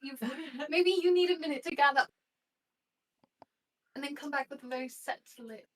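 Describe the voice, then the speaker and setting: A woman's voice: high-pitched, moderate pace, a bit bright, recorded from a distance, a little hiss or hum, poor audio. A woman player in a tabletop role-play, speaking politely and genteelly in character, often calling others darling.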